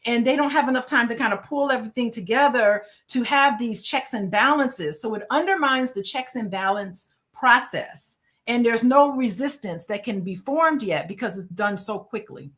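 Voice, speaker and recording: A woman speaking on a panel, her voice a touch higher than most. She lays out her point steadily and explains it step by step, with an "um" here and there. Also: a bit bright. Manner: measured, explanatory, with fillers.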